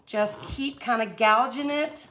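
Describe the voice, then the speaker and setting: A woman's voice: fairly high pitch, slow, fairly bright tone, a little hiss or hum. A middle-aged woman hosting a live craft tutorial, chatty and folksy, greeting viewers by name as she works. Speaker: art tutorial host.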